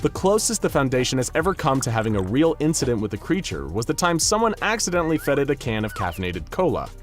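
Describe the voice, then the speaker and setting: Man narrating a creepy creature story, voice moves up and down a lot, quiet music under it. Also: medium pitch, big pitch swings, fast talker. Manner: dramatic storytelling. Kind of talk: scripted documentary narration. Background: faint music.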